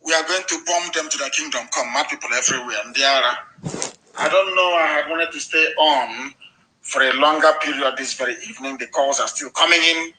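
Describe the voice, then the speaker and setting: A man giving a live broadcast address, talking in a commanding, forceful way and repeating short orders, his voice not fully recovered from illness. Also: a little high, a little fast, reverberant, a little hiss or hum, low-quality recording. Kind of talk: live online radio address.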